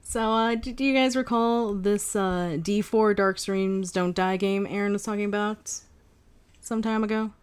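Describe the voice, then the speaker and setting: A woman's voice: mid-range voice, fairly even intonation, a little slow, smooth. A woman co-hosting a casual podcast, often laughing and steering the chat toward an ad read. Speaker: podcast co-host.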